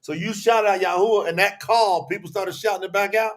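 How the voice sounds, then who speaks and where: High-voiced man hosting a live talk. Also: steady tone, brisk. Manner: casual, prompting questions. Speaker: host and teacher. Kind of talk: interviewing on a live stream.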